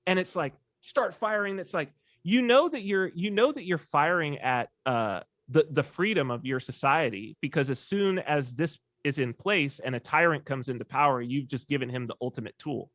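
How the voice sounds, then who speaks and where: Brief: man, podcast guest, animated storyteller, swinging lively pitch, dry close sound. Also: moderate pace, no echo. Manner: animated storyteller, acts out quoted voices. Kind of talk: casual conversation.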